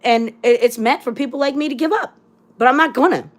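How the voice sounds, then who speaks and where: A woman's voice: high-pitched, a little fast. Angry, profane woman ranting on a livestream. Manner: rhetorical, repeating phrases. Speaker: livestream host. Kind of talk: impassioned livestream rant.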